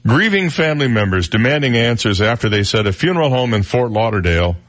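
A man's voice: medium pitch, very animated, fast, a bit bright. A man co-hosting a radio show in casual banter, reading news stories aloud and joking about them. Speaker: radio co-host. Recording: radio broadcast.

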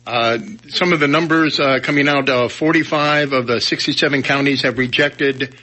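A man's voice: mid-range voice, fairly even intonation, moderate pace, sharp tone, poor audio. A man co-hosting a talk radio show, giving brief, matter-of-fact replies and reading out figures. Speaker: radio co-host.

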